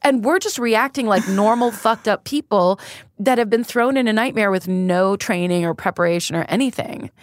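A woman's voice: medium pitch, moderate pace. A woman comedian telling frank, profane stories in a candid interview, laughing through grim moments. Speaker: comedian guest. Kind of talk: candid conversational storytelling.

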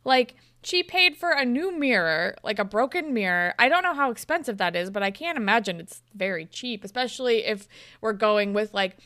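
A woman's voice: a little high, animated, moderate pace, sharp tone, no echo, clean studio sound. A young woman co-hosting a casual podcast, recapping a TV episode in a candid, chatty way and swearing freely. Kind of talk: casual chat.

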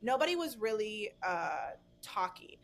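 A woman's voice: mid-range voice, big pitch swings, unhurried, a little hiss or hum. A young adult woman talking casually as a podcast guest, chatty and full of fillers and restarts. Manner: chatty, filler-heavy, frequent restarts and bursts of laughter. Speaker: guest influencer.

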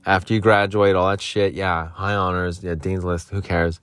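A man's voice: low voice, flat delivery, moderate pace, fairly bright tone, smooth, no echo. A young man in his twenties rambling and joking as a podcast host in a vocal booth, swearing now and then. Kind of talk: casual solo podcast chat.

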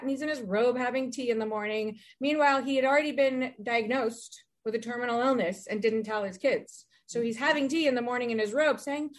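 A woman's voice: on the high side, steady tone, a little fast. Middle-aged woman chatting as a guest, rambles a lot, does little voices when she quotes people. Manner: rambling, acts out quoted dialogue. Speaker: guest, Pilates studio founder. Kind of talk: casual conversation.

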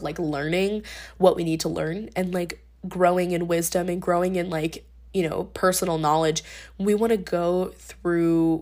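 A woman's voice: fairly low pitch, darkish tone. A young woman hosting a podcast, talking through her thoughts in a casual, rambling monologue with lots of fillers and restarts. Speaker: podcast host.

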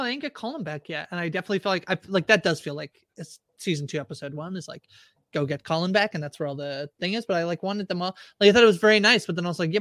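A woman's voice: medium pitch, a bit bright, dry recording, clean studio sound. Canadian woman, rambling casual podcast talk. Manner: rambling, many fillers like "like". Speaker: podcast co-host. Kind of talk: casual chat.

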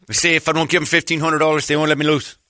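A man's voice: a little high, little pitch movement, racing, bright, forceful tone, no room sound, studio quality, voice pushed up. A man voicing his old male boxing trainer, a wheedling talker always begging for money. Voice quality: pleading, wheedling.

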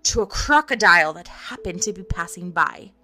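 Captain Hook, a woman doing a low menacing pirate. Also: expressive, sharp tone. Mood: brooding. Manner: menacing, slow and brooding. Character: menacing one-handed male pirate captain, brooding. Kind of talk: storybook reading.

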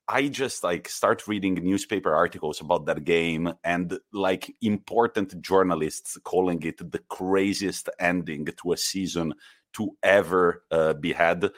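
A man co-hosting a football podcast, telling stories in a casual, rambling way. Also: sits low. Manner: storytelling, rambling with fillers. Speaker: podcast co-host. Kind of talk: casual chat.

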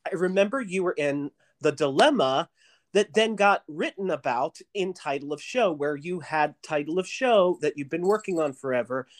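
A man's voice: a little high, lively intonation, moderate pace. Chatty man hosting a podcast. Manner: chatty, reminiscing, hesitant fillers. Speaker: podcast host. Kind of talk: casual interview chat.

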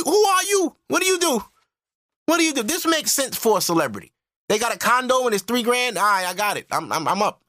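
A man rants into the mic on his podcast, loud, profane and disbelieving. His voice sits high and sounds bright. The room is dry. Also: dry recording. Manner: loud, profane, incredulous ranting. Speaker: podcast host. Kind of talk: ranting solo podcast commentary.

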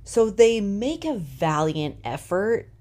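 A woman co-hosting a podcast, recapping a TV episode in a casual, animated way with emphatic opinions; she is tired. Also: medium pitch, slow pace. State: tired, yawning. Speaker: podcast co-host.

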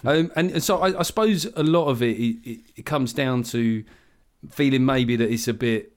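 A man in his forties holds forth in a relaxed chat, opinionated and openly exasperated. He talks at an ordinary middle pitch and swears freely. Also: moderate pace. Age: 40s. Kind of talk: casual chat.

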